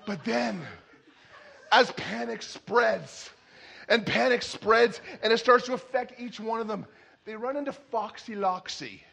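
Man preaching a sermon, high and bright, animated and shouty when telling stories. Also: measured pace, creaky. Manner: animated storytelling, shouting in character voices. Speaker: pastor.

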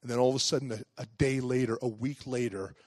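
A man's voice: mid-range voice, steady tone, fast talker, no echo. A male pastor giving a conversational sermon full of rhetorical questions.

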